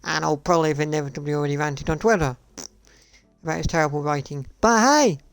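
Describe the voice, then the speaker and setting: A man's voice: on the high side, little pitch movement, fast talker, creaky, smooth, no room sound. A man streaming live, ranting in a sarcastic, profane and repetitive way. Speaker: gaming streamer. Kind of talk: casual live-stream rant.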